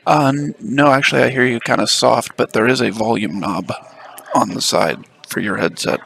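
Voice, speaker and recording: A man with a gravelly, fry-edged voice commentates a pool match on a headset mic held close to his mouth. He explains the play steadily and patiently, often pausing on fillers. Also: mid-range voice, a bit bright. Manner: measured, explanatory, reads the chat.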